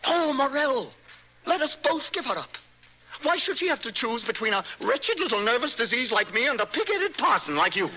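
A young actor playing a nervous, intense poet in a radio play, with a dreamy, impassioned manner. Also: male voice, extremely high pitch, big pitch swings, normal speed, noisy background, heavily acted. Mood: exalted. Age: young adult. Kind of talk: radio stage-play acting.

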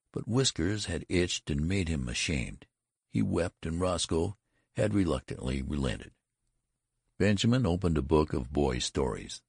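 A man reading a story aloud as narrator, with an expressive, varied delivery. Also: a bass voice, gravelly, slightly rough, dry recording, clean studio sound. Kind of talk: audiobook reading.

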